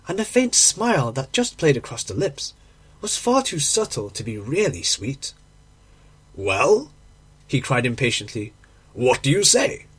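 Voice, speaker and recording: Lively husky male storyteller. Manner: measured storytelling, slowing on key phrases, dropping low on dialogue tags. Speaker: narrator. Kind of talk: audiobook reading of a classic short story.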